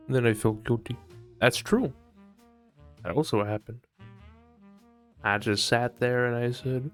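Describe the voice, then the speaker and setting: A man's voice: medium pitch, fairly even intonation, measured pace, long pauses, soft background music. A man live-streaming while he sculpts, chatting casually and joking in a profane, mock-aggressive way.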